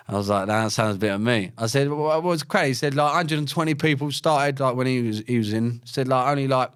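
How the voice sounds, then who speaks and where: A young man tells his story as a podcast guest. He talks bluntly, in street slang, with plenty of swearing. His voice sits at a middling pitch. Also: fairly quick, clear, resonant tone. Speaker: podcast guest, former paratrooper and fighter. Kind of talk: casual storytelling interview.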